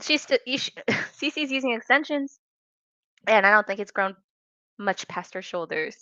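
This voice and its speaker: Sassy woman with a bright voice. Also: a little high, animated, moderate pace, no room sound, lo-fi sound. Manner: sassy, mocking, emphatic. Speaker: commentary youtuber. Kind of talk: reaction commentary.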